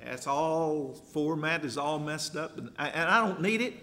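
A man delivers an emphatic sermon from the pulpit. His voice sits high and bright, and his pitch rises and falls widely. It rings out with a long reverb from a large sanctuary. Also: expressive, normal speed. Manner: emphatic, rising to loud exhortation. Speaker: preacher.

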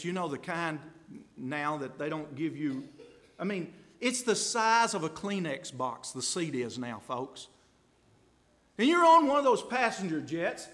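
A man preaching with real fire, his voice sitting high and leaping all over the place. He talks straight to the congregation in a folksy way. He drops to hushed asides, then builds to loud, ringing peaks. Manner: impassioned, swings from hushed to loud climaxes. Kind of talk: sermon.

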